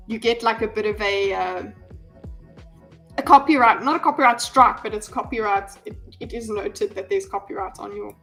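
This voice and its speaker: A woman's voice: medium pitch, moderate pace, a bit bright. A woman chatting to her viewers on a live stream. She rambles and fills her speech with ums and restarts. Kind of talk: casual live-stream commentary. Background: faint background music.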